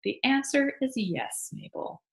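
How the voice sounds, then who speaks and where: A woman's voice: high voice, animated, a little slow, pitched above the performer's own voice. A woman voicing a sly, boastful male beekeeper who teases his wife, in a read-aloud story. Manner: teasing, pleased with himself. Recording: echoey room.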